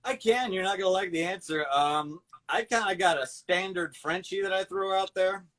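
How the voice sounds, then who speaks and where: A man's voice: sits high, moderate pace, fairly bright tone, poor audio. A man, a voice actor, chatting casually on a video call in a hesitant, rambling way. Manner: rambling, hesitant, many restarts. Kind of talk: casual chat.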